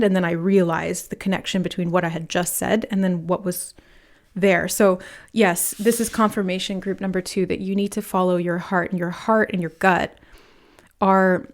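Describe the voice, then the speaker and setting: A woman reads tarot cards for her viewers, her voice sitting in a plain middle register. She talks fast in loose, animated bursts, packed with fillers, and slips into quick imitations of the people she describes. She speaks to the listener directly and earnestly. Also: medium pitch. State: nervous, laughing from nerves. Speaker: tarot reader. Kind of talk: pick-a-card tarot reading.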